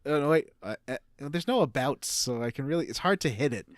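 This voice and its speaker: A man reading a game villager's lines in a halting put-on rural English accent, a podcast bit. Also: medium pitch, expressive, no room sound, studio quality, natural voice. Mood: pleading. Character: rustic villager man asking for a warrior.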